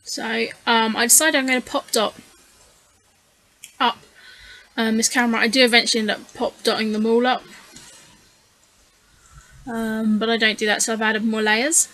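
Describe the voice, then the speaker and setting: Tired, bright-voiced woman narrating crafts. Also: a little high, level tone, normal speed, pauses often, poor audio. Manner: rambling, hesitant, with frequent fillers. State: tired, yawning. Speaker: scrapbooking channel host. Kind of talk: casual voice-over narration of a craft video.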